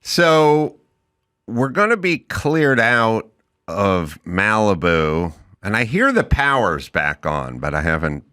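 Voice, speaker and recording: A man's voice: lowish voice, slow pace. A middle-aged man hosting a talk show, telling stories casually and acting out quotes in mocking voices. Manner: animated storyteller who acts out quotes in mocking voices. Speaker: podcast host. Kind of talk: casual interview chat.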